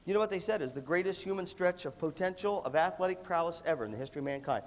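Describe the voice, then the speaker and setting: Animated man lecturing in a reverberant hall. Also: sits high, rapid-fire. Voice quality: lively, emphatic delivery with repeated punchy phrases. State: coughing now and then. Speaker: music educator giving a leadership talk. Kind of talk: animated motivational lecture to students. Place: large hall with an audience. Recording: long reverb of a large hall.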